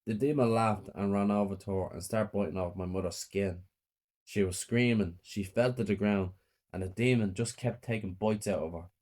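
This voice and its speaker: A man narrating a first-person horror story in a plain, flat reading. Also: lowish voice, moderate pace.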